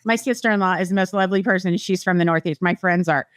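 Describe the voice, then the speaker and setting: A middle-aged woman from the American Midwest, talking as a real estate guest on a podcast, chatty and quick to laugh. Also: lowish voice, dry recording. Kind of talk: casual podcast chat.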